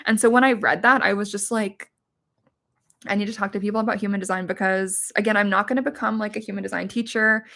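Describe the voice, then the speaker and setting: A woman's voice: mid-range voice, steady tone, fast talker, gravelly, bright, forceful tone. A middle-aged woman hosting a casual livestream, talking candidly and emphatically and swearing freely. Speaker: livestream host, witch and medium.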